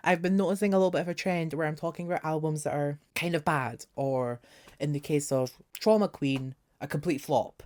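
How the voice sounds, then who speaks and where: A man's voice: fairly high pitch, a little fast, a little mellow. A young man talking casually as a music reviewer, sarcastic and exasperated, with jokey asides. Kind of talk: casual album review vlog.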